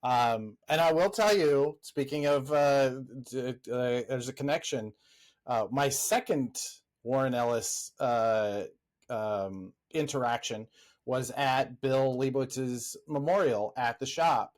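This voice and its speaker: A man's voice: mid-range voice, takes it slowly. A man hosting a podcast interview, chatting casually and responding with short affirmations. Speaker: podcast host.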